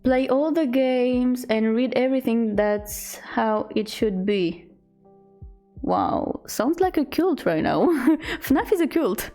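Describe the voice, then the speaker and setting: A young woman streamer in casual chat, reading out chat messages in a halting, giggly way. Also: fairly high pitch, animated, mellow, faint music behind.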